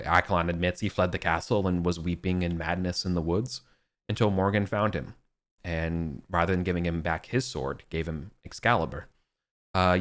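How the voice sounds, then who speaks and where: A man's voice: low-pitched, a bit bright. A young man running a tabletop game as game master, narrating loosely with plenty of fillers. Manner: loose and rambling, heavy on fillers.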